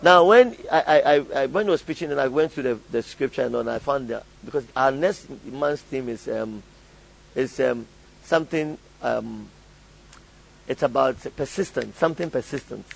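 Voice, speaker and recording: A male pastor with a medium-pitched, gravelly voice preaches at normal speed, captured on a poor-quality recording. He frequently laughs and calls on the congregation to fill in and echo his lines.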